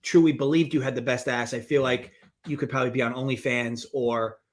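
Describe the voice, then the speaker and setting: A man's voice: medium pitch, fairly even intonation, a little fast. A man hosting a sports betting show, talking in a laid-back, casual way with short, dry replies. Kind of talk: casual chat.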